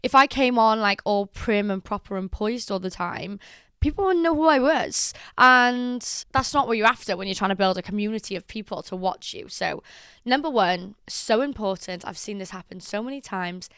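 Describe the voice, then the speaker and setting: A young woman giving chatty, animated social media advice in a casual vlog. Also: medium pitch, normal speed, smooth, no room sound, studio quality. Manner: chatty and animated, acts out quotes.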